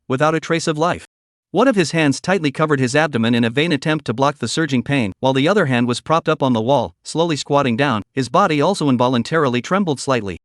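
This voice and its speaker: Steady male recap narrator, fairly high. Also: no echo, clean studio sound. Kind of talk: scripted story narration.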